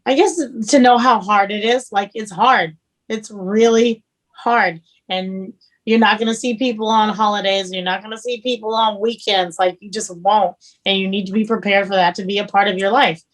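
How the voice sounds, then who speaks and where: A woman's voice: medium pitch, fairly even intonation, moderate pace. A young woman chef as a podcast guest, speaking candidly and casually, swearing now and then.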